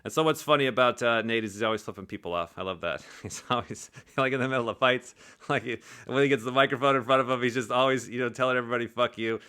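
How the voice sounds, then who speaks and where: A man talks fast and loose about what he has just watched, cursing freely and chuckling between points. His voice is bright and pushes forward with energy. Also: medium pitch, clear, resonant tone. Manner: profane, animated, laughs often. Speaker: personality typing commentator. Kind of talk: casual commentary over clips.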